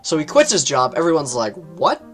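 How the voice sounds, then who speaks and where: A man casually reviewing books on his channel, rambling, with lots of fillers and quick jumps in pitch. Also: animated, faint music behind. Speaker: book reviewer.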